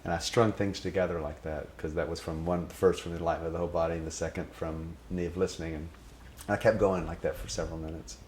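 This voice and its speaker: A man telling a personal anecdote about his spiritual teacher in an animated, reverent way, quoting others and reciting passages from memory. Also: low voice, fast, few pauses, slight background noise. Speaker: storyteller.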